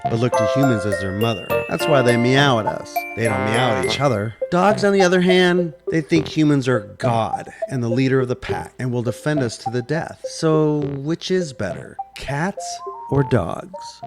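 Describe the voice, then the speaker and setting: A man's voice: mid-range voice, expressive, normal speed, hardly any pauses. A man hosting a casual vlog, chatty and jokey with playful asides. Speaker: host. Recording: background music.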